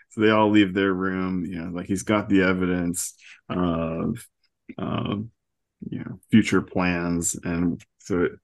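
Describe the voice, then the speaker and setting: A man's voice: sits low, darkish tone. Chatty man recapping a comic. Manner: chatty, laughs often, acts out quotes. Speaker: podcast host. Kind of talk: casual comic book recap.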